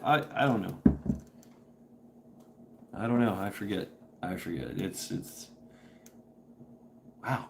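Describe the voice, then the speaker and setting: A man's voice: on the low side, vocal fry, a little hiss or hum. Rambling man who laughs and swears. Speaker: livestream host. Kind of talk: casual chat. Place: at home, indoors. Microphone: camera propped on a table.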